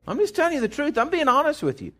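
A middle-aged man, preaching a sermon in a folksy, animated way with lots of restarts. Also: very high-pitched, rapid-fire. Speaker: pastor.

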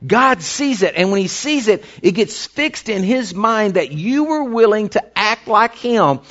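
A man's voice: high-pitched, expressive, unhurried, a bit bright. A man preaching a sermon, telling a story in a folksy, rambling way. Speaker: pastor. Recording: dull lo-fi recording.

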